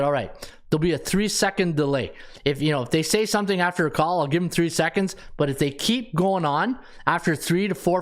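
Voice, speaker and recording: A man hosting a sports betting podcast in casual chat, rambling and excitable, ranting in bursts and laughing at his own lines. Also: on the high side. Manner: ranting, with many restarts.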